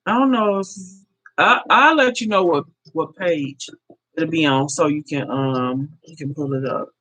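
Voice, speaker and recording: A woman's voice: low voice, measured pace, fairly bright tone, low-quality recording. A woman in her fifties hosting a casual livestream, speaking heartfelt and direct to her viewers, often repeating herself. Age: 50s. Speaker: livestream host. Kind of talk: casual live-stream chat with viewers.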